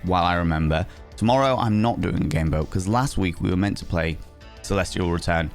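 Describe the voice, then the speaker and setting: Soft music runs in the background as this young man, slightly ill with aching sinuses, keeps up a casual live-stream chat. His pace is fairly quick, and he teases viewers playfully, his pitch swinging theatrically.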